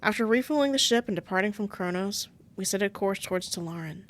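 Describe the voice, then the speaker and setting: A woman's voice: medium pitch, lively intonation, fast talker. A woman with a sore throat, reading a visual novel aloud and breaking off into casual, self-mocking asides. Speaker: game streamer.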